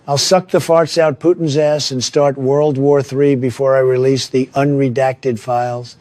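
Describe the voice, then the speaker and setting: A man's voice: medium pitch, level tone, measured pace, a little mellow, dry recording, close to an everyday voice. A man reading a satirical parody statement in a mock presidential voice.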